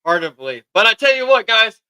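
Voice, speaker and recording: A man's voice: high voice, big pitch swings, fast, bright, forceful tone, smooth, dry recording, poor audio. A man hosting a live podcast in a chatty, eager way, admitting he's tired. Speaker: podcast host. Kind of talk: casual live podcast chat.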